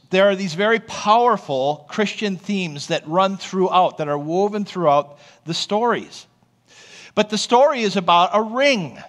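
A man who is a pastor, preaching a sermon in a conversational, storytelling way and often checking in with the congregation. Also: high voice. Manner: storytelling, animated.

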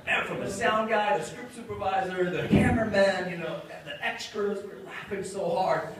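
Recorded from far off in a noisy, echoey convention hall, this man spins a lively anecdote for a panel, voicing the quotes and laughing frequently. He speaks at a normal pace with a high, fairly bright voice.

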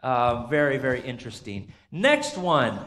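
A man's voice: mid-range voice, very animated, normal speed, a bit bright. Chatty pastor quizzing his congregation. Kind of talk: interactive Bible trivia sermon. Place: church sanctuary. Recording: long church reverb.

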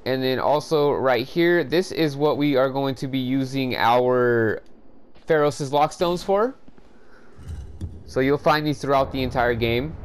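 Over a game walkthrough, a man rants at his viewers with profane, exasperated commentary. His voice is mid-range, clear and resonant, and he takes his time.

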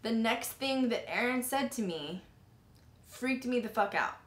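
A woman's voice: fairly high pitch, unhurried. A woman hosting a paranormal podcast, telling her story casually and animatedly, with lots of "like" fillers and some swearing. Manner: animated, filler-heavy retelling with frequent "like" and swearing. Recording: roomy echo.

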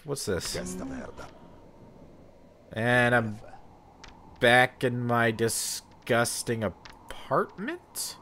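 A man's voice: mid-range voice, extremely slow, long pauses, slight background noise. A man doing profane, joking commentary over a video game he is playing. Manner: profane, excitable, sarcastic jokes while playing. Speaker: let's play commentator. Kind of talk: gameplay commentary.

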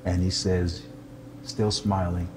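An older man, a pastor, telling a personal testimony in an animated, humorous way and poking fun at himself. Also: low-pitched, slow, noisy background. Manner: animated, humorous, self-deprecating storyteller.

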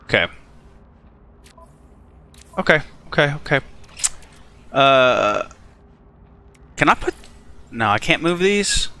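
A man giving casual let's play commentary on a game, chatty and animated, swearing and talking to the creatures on screen. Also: on the high side, slow, pauses often. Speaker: gaming channel host.

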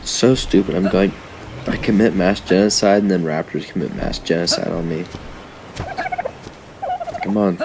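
Gravelly low-voiced man grumbling at a game. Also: steady tone, normal speed, long pauses, darkish tone, a little hiss or hum. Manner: frustrated, talks to the game and viewers. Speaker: gaming YouTuber. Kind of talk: casual game commentary.

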